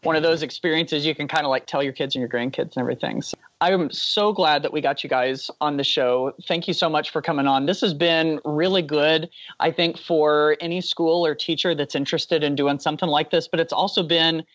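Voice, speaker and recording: A man co-hosts a podcast, wrapping things up with easy, grateful thanks to his guests. His voice sits a touch high and comes across dull and dry on a slightly lo-fi line. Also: fairly even intonation, a little fast, hardly any pauses, fairly bright tone, no room sound. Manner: friendly, appreciative, casual. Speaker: podcast co-host. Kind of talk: interview wrap-up chat.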